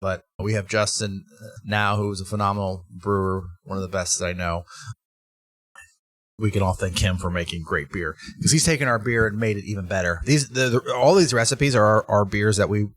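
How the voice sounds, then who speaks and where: A man who owns a brewery, talking in a casual interview and telling animated stories with lots of restarts. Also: fairly low pitch, a little fast. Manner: animated storytelling with laughs and restarts. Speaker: brewery owner, guest.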